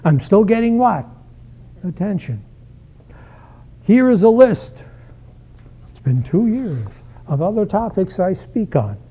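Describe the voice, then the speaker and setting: Husky older man lecturing parents. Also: high voice, sing-song, slow pace, long pauses. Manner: conversational, direct, questions the audience. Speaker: psychologist giving a parenting talk. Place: church hall. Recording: tinny phone-like sound.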